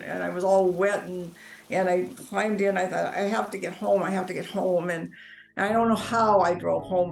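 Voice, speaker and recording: A woman telling her personal life story in earnest, halting speech, often repeating words as she goes. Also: medium pitch, gravelly, darkish tone, poor audio. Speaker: near-death experience storyteller. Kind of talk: personal testimony.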